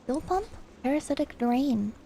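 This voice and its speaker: A woman streamer telling a story in a rambling, animated way with casual swearing. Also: high voice, normal speed, vocal fry, a little hiss or hum.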